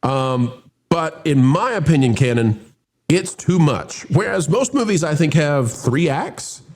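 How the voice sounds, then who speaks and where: A man's voice: on the high side, expressive, a little slow, darkish tone. A man hosting a casual movie review chat, opening with showman-style greetings and rambling with restarts. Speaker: host.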